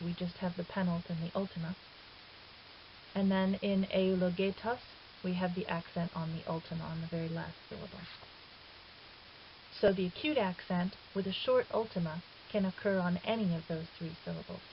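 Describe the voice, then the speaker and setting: Low-voiced woman teaching, lo-fi hiss. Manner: patient and explanatory, correcting herself in passing. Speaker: Greek teacher. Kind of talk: recorded lesson narration. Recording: dull hissy lo-fi 2009 recording.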